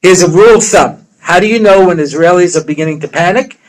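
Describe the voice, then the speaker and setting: A man's voice: high voice, fast talker, rough recording. A middle-aged man, a rabbi, giving a humorous lecture full of stories, jokes and conversational asides.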